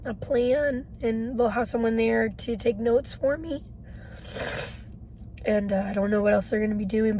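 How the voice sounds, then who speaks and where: A woman in her twenties talking in a personal video diary, halting and emotional, with many pauses. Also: on the high side, warm tone, slight background noise, low-quality recording. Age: 20s. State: shaky. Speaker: vlogger.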